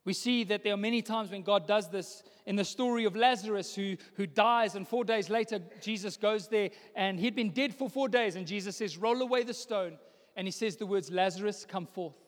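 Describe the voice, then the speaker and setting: Young male pastor, high voice, preaching into a mic in a hall with long reverb; swings from hushed to loud declarations. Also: a little fast, hardly any pauses. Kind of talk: sermon. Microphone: microphone.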